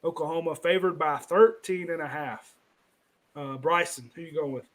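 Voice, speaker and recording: A man's voice: fairly high pitch, normal speed. A man hosting a casual sports chat, loose and rambling, stumbling over names. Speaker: podcast host.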